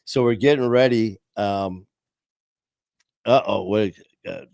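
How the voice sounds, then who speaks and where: This man hosts a podcast of relaxed storytelling, chatting unscripted over a video call through streaming software with frequent restarts and laughs. His lowish voice is slow, creaky and darkish. The recording has studio quality and no room sound.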